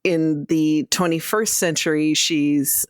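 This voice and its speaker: A woman's voice: deep voice, steady tone, slow, clear, resonant tone, dry recording, clean studio sound. Laughing woman talking about her character. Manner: laughing often, effusive. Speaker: tabletop game player. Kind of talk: casual discussion of a finished campaign.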